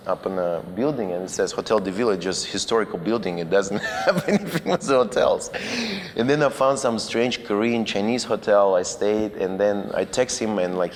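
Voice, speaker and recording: Russian-accented man telling stories, lowish voice. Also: long reverb tail, slight background noise. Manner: loose non-native grammar with frequent restarts and chuckles. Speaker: guest cinematographer. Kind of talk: casual anecdotal storytelling.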